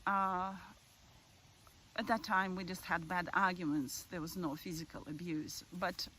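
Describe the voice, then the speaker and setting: A woman's voice: fairly low pitch, fairly even intonation, a little slow, bright, forceful tone, slight background noise, poor audio. A woman with a voice, earnestly telling a personal story about her spiritual path, with restarts and small laughs. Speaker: spiritual video host.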